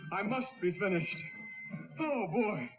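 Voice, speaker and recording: Male actor as a high, bouncy, confused cartoon sidekick over clear music. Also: lively intonation, slow, highs cut off. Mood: bewildered. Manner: bewildered, easily riled.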